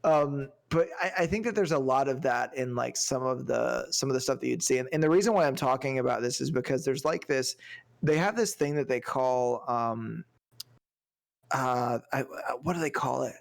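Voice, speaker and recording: Medium in pitch and edged with vocal fry, a man co-hosting a podcast talks at normal speed in a casual movie review chat. He rambles about the film, hunting for words and leaning on plenty of fillers.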